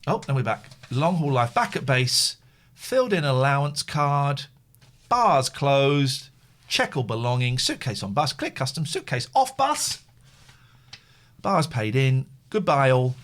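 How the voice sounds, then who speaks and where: Lively man hosting a chat. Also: medium pitch, a little slow. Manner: lively, jokey, reads a list aloud with asides. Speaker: podcast host. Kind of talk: casual live-stream chat, reading aloud.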